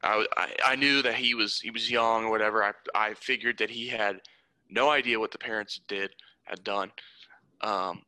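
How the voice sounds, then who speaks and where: A young man tells a story in casual talk, getting heated and restarting his sentences often. His voice is very bright and forceful, and the recording is dry and close. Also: on the low side, fairly even intonation, normal speed, dry recording, rough recording. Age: young adult. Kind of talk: casual conversation.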